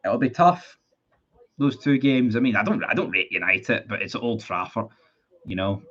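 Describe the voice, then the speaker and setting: A man's voice: lowish voice, normal speed, a bit bright, muffled recording. A Scottish man ranting heatedly about his football club on a live stream, reading chat messages and swearing often. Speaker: football fan livestreamer.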